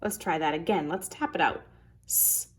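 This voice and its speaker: A woman teaching a phonics lesson to third graders, sounding out letters and words slowly and carefully. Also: low voice.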